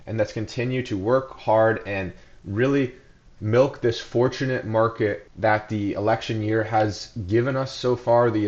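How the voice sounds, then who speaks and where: A man speaking quickly, cramming in one point after the next as he recaps his trading month for viewers. His pitch sits in an ordinary middle range for a man. The recording is a little dull and lo-fi. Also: darkish tone. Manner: talks fast, packing in information. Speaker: day trader.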